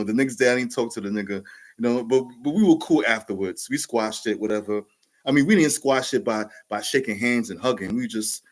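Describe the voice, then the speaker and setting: A man in his forties with a New York accent, telling a casual, rambling story with frequent restarts and fillers. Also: medium pitch. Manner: rambling, laughs often, many restarts and fillers. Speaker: podcast host telling a story.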